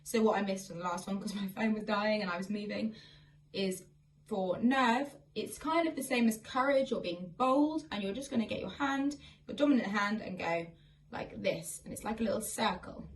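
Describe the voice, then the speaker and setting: A woman's voice: mid-range voice, moderate pace, distant mic, a little hiss or hum, poor audio. A woman teaching a song with signs, explaining each sign step by step in a friendly way while filming herself on a phone at home. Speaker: singing and signing teacher. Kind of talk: online sign-and-sing lesson. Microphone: phone camera.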